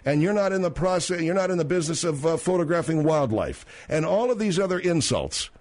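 A man's voice: a little high, expressive, a little fast, darkish tone. A man hosting a radio talk show, badgering and sarcastic with his guest.

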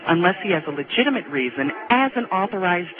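A woman from New York calling in to a radio show, sharp, articulate and indignant. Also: fairly low pitch, sing-song, quick pace. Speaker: caller. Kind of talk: radio call-in argument. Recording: tinny phone line with crowd noise.

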